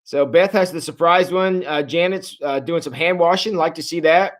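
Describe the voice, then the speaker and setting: This pastor's voice sits a little high, and he moves at a moderate pace through a casual livestreamed Bible study. He tells the story in an animated, chatty way and responds to viewers' comments along the way.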